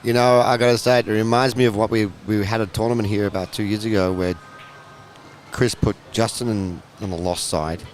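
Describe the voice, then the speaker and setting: A man's voice: lowish voice, steady tone, fairly quick, a little hiss or hum. A man commentating live on a pool match, chatty and explaining the play to viewers.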